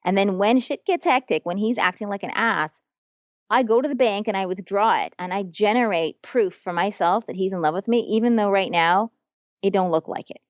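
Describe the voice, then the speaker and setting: A woman's voice: medium pitch, normal speed, dry recording, studio quality. A woman relationship coach talking in an earnest, frank and emphatic way during a podcast interview.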